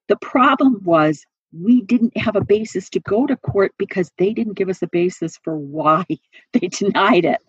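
A woman activist guest on an interview podcast, briskly laying out a timeline and laughing now and then. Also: mid-range voice, animated, husky, no room sound. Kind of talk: casual interview. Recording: muffled, lo-fi dry audio.

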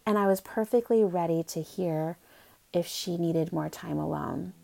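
A woman's voice: fairly low pitch, fairly even intonation, measured pace, gravelly, mellow. A middle-aged woman hosting a parenting podcast, talking in a chatty, upbeat way with plenty of fillers. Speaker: podcast host, parenting coach. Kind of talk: casual podcast talk.

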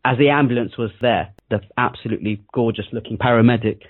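A young man recounts a childhood story in relaxed, chatty storytelling, laughing often between lines. His voice sits at an ordinary pitch and comes through a thin, phone-like band. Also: fast talker. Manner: laughs often while telling stories. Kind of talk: casual storytelling chat. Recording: tinny phone-like sound.

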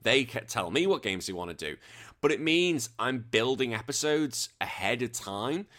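A British man talks through his podcast news in a loose, rambling monologue. He is casual and self-deprecating, and his voice sits at an ordinary male pitch. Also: lively intonation, moderate pace, fairly bright tone. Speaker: podcast host.

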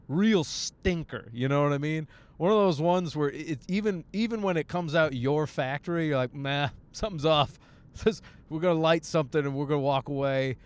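With a smooth, fairly high voice, a young man tells a crude, joke-filled story on his solo podcast while he drives. It's a casual rant, punctuated by plenty of his own laughs.

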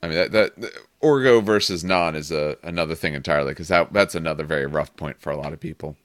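Podcast co-host, man, very low voice, dry close sound, patient teacherly explainer. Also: fast, a bit bright, no echo. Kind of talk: casual chat.

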